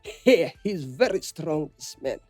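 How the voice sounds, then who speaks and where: Sassy lady money reporter voiced by a man, high mellow voice, dry close sound, cheeky newsreader tone. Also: big pitch swings, slow, no echo, soft background music, heavily acted. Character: sassy woman economics news reporter. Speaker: comedy podcast host. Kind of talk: spoof news bulletin.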